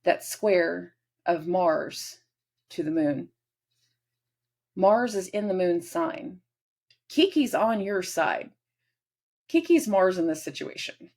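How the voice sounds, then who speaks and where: Hosting a laid-back astrology forecast, this woman speaks in a fairly low, expressive, darkish voice. She wanders off on tangents and acts out small everyday scenes, switching to quick voices.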